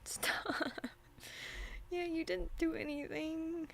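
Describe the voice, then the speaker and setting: A flustered woman streamer with a high voice, talking very slowly in a casual stream chat. She stammers and keeps apologizing, and faint noise hums behind her. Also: steady tone.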